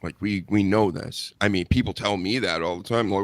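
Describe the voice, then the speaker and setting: A man's voice: low-pitched, a little fast, no room sound. A man hosting a wrestling podcast in casual chat, blunt and sarcastic, swearing freely. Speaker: podcast host.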